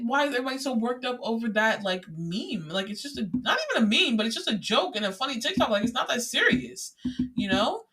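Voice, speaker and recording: Bright-voiced, chatty young podcast host. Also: medium pitch, animated, brisk. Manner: chatty, rambling, many filler words; exasperated ranting. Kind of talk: casual solo podcast monologue.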